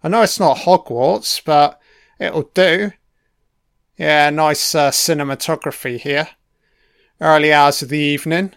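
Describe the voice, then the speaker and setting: A man's voice: fairly high pitch, steady tone, unhurried, gravelly, long pauses, fairly bright tone, clean tone, dry recording, clean studio sound. A man giving a casual, laid-back film commentary, swearing often and talking back to the characters on screen.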